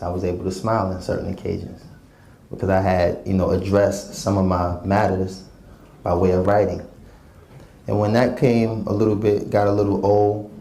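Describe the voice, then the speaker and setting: A man recounts his story in a laid-back, reflective manner, peppering it with fillers. His voice is lowish and mellow. It carries a roomy echo with faint ambience behind it. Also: a little hiss or hum. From New York City. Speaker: guest, former rap artist.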